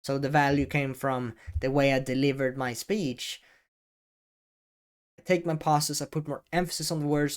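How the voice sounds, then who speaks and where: A man giving talking-head advice as an educational video creator, speaking deliberately with frequent pauses, stressed key words and casual swearing, seated at a desk mic. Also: medium pitch. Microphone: desk microphone, seated at camera.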